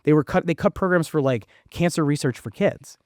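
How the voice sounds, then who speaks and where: A man in his thirties, a podcast guest talking fast and animatedly, with plenty of fillers and the odd swear. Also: on the high side, no echo, studio quality. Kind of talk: casual conversation.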